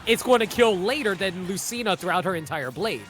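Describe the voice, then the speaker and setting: A man with a high voice gives loose, casual esports commentary on a headset. His tone is bright and forward, and he jokes and laughs a lot. He often stops to fix his own wording. Faint music plays behind him. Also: animated, a little fast. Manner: joking, laughs often, corrects himself mid-sentence.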